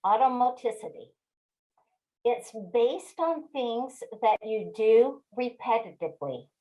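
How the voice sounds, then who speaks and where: Slow-paced woman in her sixties, storytelling. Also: fairly high pitch, low-quality recording. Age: 60s. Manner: slow, expressive storyteller who addresses the audience directly. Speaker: webinar speaker. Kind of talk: storytelling talk.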